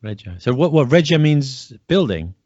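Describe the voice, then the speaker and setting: A man's voice: fairly low pitch, normal speed, gravelly, no echo. A British man co-hosting a casual chat, musing aloud and answering with questions back. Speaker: podcast co-host. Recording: dry, dull lo-fi audio.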